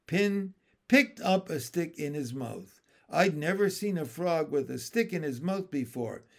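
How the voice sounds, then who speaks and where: Man, audiobook narration, slow, quiet, slightly high pitch. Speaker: audiobook reader. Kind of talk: storybook narration.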